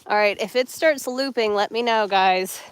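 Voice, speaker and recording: A woman's voice: medium pitch, normal speed, smooth. A woman hosting a casual livestream at a snowy outdoor chicken coop, chatty and baby-talking her chickens on a handheld phone, with noise in the recording. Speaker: livestream host. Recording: noisy outdoor phone audio.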